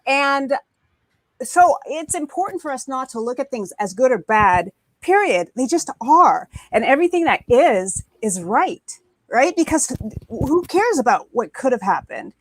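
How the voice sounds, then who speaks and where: A woman's voice: high-pitched, big pitch swings, unhurried, no room sound. A woman on a panel, talking with emphasis and repeating words for stress, heard over a video call. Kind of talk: animated panel discussion.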